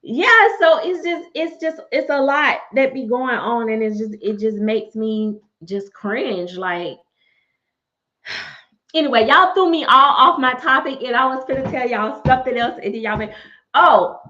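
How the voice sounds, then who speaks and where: Sassy woman, a fairly high voice, laughs a lot and talks straight to her viewers over dull livestream audio. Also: unhurried. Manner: sassy, animated, laughs often, calls viewers baby and y'all. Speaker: livestream host. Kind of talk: casual livestream chat with viewers.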